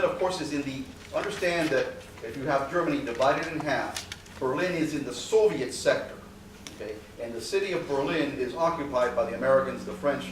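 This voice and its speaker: A man lectures to a class in a loose, conversational way, filling pauses with "okay" and "uh" and dropping the occasional dry, sarcastic aside. He sits at an ordinary middle pitch. He was recorded from across a very reverberant hall, with a faint hiss underneath. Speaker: university lecturer. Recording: very echoey hall, far from mic, faint hiss.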